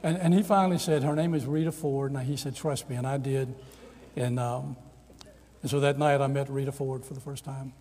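In a mid-range voice a little faster than usual, an older man spins his sermon as animated stories, performing the quoted voices. The sound carries the long reverb of a big hall.

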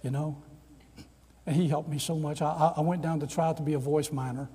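A man's voice: a little high, brisk, slightly rough. An older man preaching a storytelling sermon, acting out the voices in his stories. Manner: animated storyteller, acts out quoted voices. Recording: long reverb of a large hall.

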